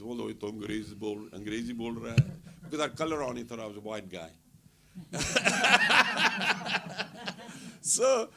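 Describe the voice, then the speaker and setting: A man telling funny travel stories at a temple gathering, laughing often and acting out what people said. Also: on the low side. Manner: animated, laughing anecdotes with acted-out quotes. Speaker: temple speaker. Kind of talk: casual storytelling talk.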